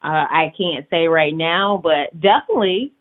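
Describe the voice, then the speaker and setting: A woman talking as a guest author in a casual interview, chatty, quick to laugh and full of fillers. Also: deep voice, animated. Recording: tinny phone-like line.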